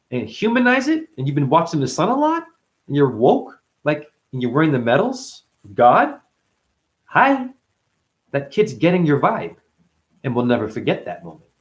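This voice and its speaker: A man's voice: fairly high pitch, wildly swooping pitch, normal speed, pauses often. A man talking as a spiritual teacher in a loose, profane monologue, playful and fond of acting out other people's voices. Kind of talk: rambling spoken monologue.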